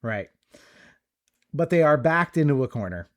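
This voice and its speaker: A man guesting on a podcast, recapping movie scenes in a relaxed, chatty way with plenty of filler words. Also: on the high side, a little slow. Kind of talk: casual movie discussion.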